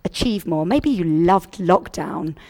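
A woman's voice: on the low side, expressive, takes it slowly, a little mellow. A woman in her thirties from England, speaking to a church congregation and sharing a personal testimony in an earnest, conversational way with frequent restarts.

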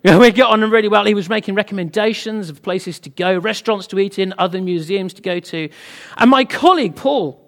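Chatty, high-voiced British preacher. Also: male voice, fairly quick. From Britain. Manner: chatty, humorous storytelling to a congregation. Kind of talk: sermon with anecdote.

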